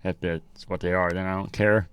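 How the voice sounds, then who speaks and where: Deep, smooth-voiced man chatting. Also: little pitch movement, normal speed, dry recording. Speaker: podcast co-host. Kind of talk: casual chat.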